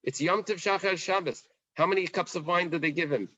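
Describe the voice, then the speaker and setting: A man's voice: sits high, fairly quick, no echo, dull audio. Conversational man teaching Talmud. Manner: conversational, animated, acts out the Gemara's questions. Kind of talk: casual Daf Yomi Talmud class.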